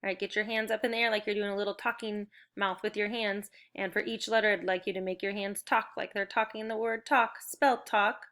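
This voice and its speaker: A woman teaching a recorded phonics and spelling lesson to young children, speaking slowly and clearly with encouragement. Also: mid-range voice, level tone, fairly bright tone.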